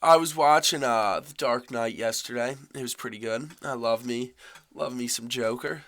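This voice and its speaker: A college-aged young man co-hosts a relaxed podcast chat. He sounds easygoing and laughs often. He tends to repeat the same phrase a few times in a row. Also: mid-range voice, moderate pace. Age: young adult. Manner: laid-back, laughs often, repeats himself. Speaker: podcast co-host. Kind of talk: casual chat.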